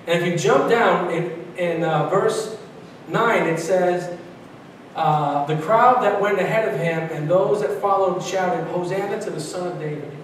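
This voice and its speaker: High-voiced New pastor, echoey church. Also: male voice, measured pace, recorded from a distance, slight background noise. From Brooklyn, New York. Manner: animated preaching with frequent restarts and repetitions. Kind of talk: sermon. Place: large church sanctuary.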